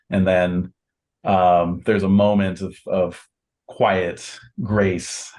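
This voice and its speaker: A man narrating as game master of a tabletop game, unhurried, with many fillers and restarts. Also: deep voice.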